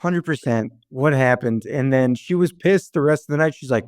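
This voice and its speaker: A man's voice: mid-range voice, a little fast, darkish tone, dry recording, clean studio sound. A young man and stand-up comedian, a podcast guest, telling loose, profane stories with laughs. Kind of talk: casual storytelling chat.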